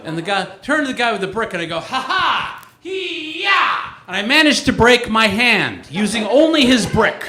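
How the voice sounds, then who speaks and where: A man in his forties performing a stand-up comedy set in a live venue, telling stories with lively acted-out quotes. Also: high voice, fairly quick, few pauses, roomy sound. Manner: animated storytelling with acted-out quotes. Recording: live room with loud audience laughter. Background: audience laughing.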